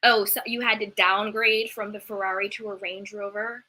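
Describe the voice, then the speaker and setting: A woman hosting a reality TV recap, ranting in an indignant, animated way and dropping a lot of "like" as she goes. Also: medium pitch. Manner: indignant, animated, talks fast with filler "like". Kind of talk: heated commentary rant.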